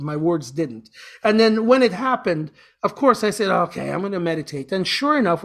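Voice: mid-range voice, fairly bright tone. A talk show host, chatting casually about spirituality in a rambling, self-correcting way with corny jokes.

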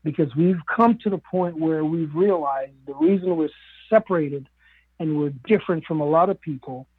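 Husky man over a tinny phone-like line. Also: fairly high pitch, moderate pace, dry recording. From Caribbean. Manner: musing, earnest, with many fillers and restarts. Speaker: radio guest speaker. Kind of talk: reflective radio talk. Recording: narrow phone-like radio sound.

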